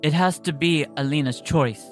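A reader voicing a sharp-tongued, proud young woman soldier in a novel read aloud. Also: mid-range voice, normal speed, soft background music, natural voice. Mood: curt.

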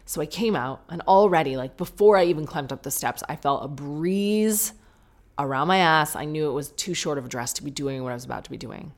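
A British woman hosts her own podcast and tells a story with lively, self-mocking comic timing. Her voice sits a little low for a woman, and she talks with plenty of energy and play. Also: a little fast. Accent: British English. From Britain. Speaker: podcast host.

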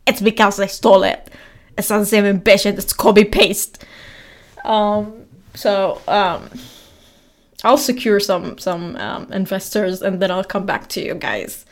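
A woman's voice: mid-range voice, a little slow. A young woman in her twenties talks through a casual podcast episode. She rambles with plenty of fillers and laughs often. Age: 20s. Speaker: podcast host. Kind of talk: casual chat.

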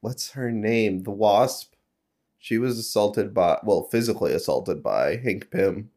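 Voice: sits low, measured pace, a little mellow. A podcast co-host in a casual book chat, dropping short agreements and blunt interjections.

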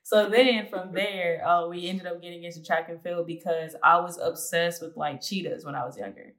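A woman's voice: fairly low pitch, fairly even intonation, normal speed, fairly bright tone. A young woman talking as an interview guest, chatty and loose, with frequent small laughs and filler words. Her voice rings with a noticeable roomy echo. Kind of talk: casual storytelling interview.

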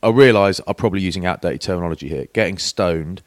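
A man's voice: low voice, quick pace, no room sound, studio quality. A man in his forties, co-hosting a podcast in casual chat, telling anecdotes and acting out quoted voices. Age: 40s. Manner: chatty storyteller, acts out quoted voices. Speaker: podcast co-host.

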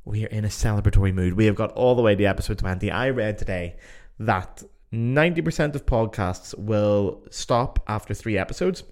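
A man's voice: on the low side, a little fast, darkish tone. An Irish man hosting his own podcast in casual, chatty talk, jokey and sprinkled with swearing. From Ireland. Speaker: podcast host. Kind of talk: casual solo podcast chat. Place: home in Germany.

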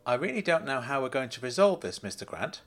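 A man's voice: mid-range voice, sing-song, fast talker, a bit bright. A man voicing a polite, deferential male bank manager in a storybook reading. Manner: courteous, deferential, apologetic.

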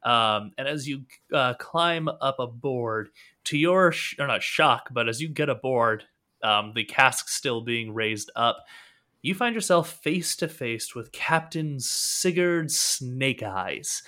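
A man's voice: medium pitch, slow pace, sharp tone. A man narrating as game master in a tabletop game, with frequent fillers and self-corrections.

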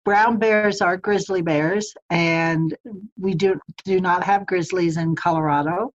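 Casual interview guest: middle-aged woman, lowish voice, chatty, laughs easily, slightly muffled audio. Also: steady tone, unhurried. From United States. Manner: chatty, laughs often, many "um"s and restarts. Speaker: podcast guest, publisher. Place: home in the mountains of Colorado.

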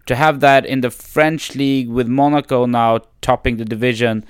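A man's voice: mid-range voice, fairly even intonation, smooth, no room sound, studio quality. A man co-hosting a casual football chat, teasing and joking with his friends. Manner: teasing, swearing, quick jokes. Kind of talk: casual banter about football.

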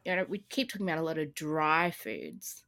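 A woman's voice: low voice, lively intonation, brisk, a bit bright. A woman co-hosting a casual tabletop-game podcast, rambling and laughing often. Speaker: podcast co-host. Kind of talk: casual chat.

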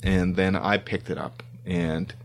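A man's voice: low-pitched, fairly even intonation, unhurried, creaky, a little hiss or hum. A middle-aged man from Canada, a screenwriter being interviewed, talking casually and rambling with frequent ums and restarts. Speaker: guest screenwriter.

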